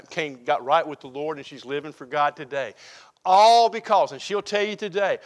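A man preaches a sermon in a folksy, storytelling way, acting out the people in his anecdotes. His speaking voice sits a bit higher than most men's. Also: fairly bright tone. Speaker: pastor.

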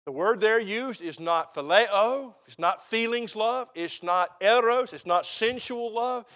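A man's voice: high-pitched, measured pace, a bit bright. A middle-aged man preaching a sermon as pastor, folksy and emphatic.

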